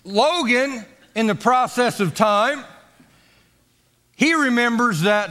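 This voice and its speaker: A man's voice: extremely high pitch, expressive, slow pace, long pauses, pushed and bright, in a large hall. A man preaching a sermon, leading call-and-response and drawing out his phrases for drama. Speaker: pastor.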